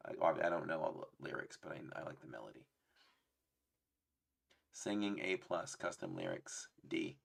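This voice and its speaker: A man's voice: a bass voice, big pitch swings, normal speed, gravelly. A man hosting a casual trivia livestream, playful, laughing often and reading chat aloud. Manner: fond of doing voices. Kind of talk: casual live-stream chat.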